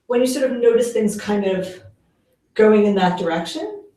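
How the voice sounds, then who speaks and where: In a warm, expressive, mid-range voice at a moderate pace, a woman leads a relaxed parenting workshop. She chats with plenty of fillers and performs the lines she quotes, heard from a distant mic in a very echoey room.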